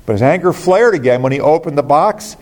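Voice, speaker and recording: A man's voice: a little high, animated, brisk, darkish tone. A man preaching a sermon as a pastor, earnest and rising to emphatic exclamations.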